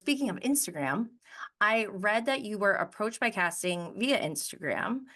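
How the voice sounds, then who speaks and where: A woman's voice: medium pitch, animated, normal speed, a bit bright. A young woman hosting a podcast, asking eager, chatty questions and joking about herself. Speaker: podcast host. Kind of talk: casual interview chat.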